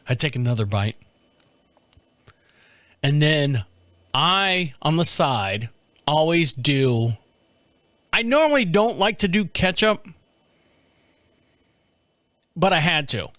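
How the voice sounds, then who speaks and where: A man tells a casual story on his own show, lively and laughing as he acts out the people in it. His voice sits a little high for a man. It is recorded close and dry. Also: measured pace, long pauses, no echo. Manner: animated, acts out quoted voices, laughs often. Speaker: podcast host.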